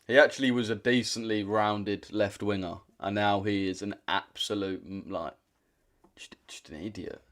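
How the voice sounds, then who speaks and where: A man's voice: fairly low pitch, fairly even intonation, moderate pace, hardly any pauses, fairly bright tone. A young British man hosting a trading livestream, chatting casually in a blunt, slangy way that repeats itself. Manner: slangy and direct, repeats himself.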